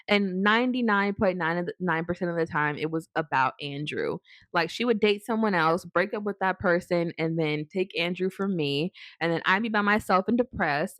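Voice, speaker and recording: Young woman, lowish voice, dry close sound, chatty rambling storytime vlogger. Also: no room sound. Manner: rambling, filler-heavy, animated quoted asides. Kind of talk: casual storytelling to camera.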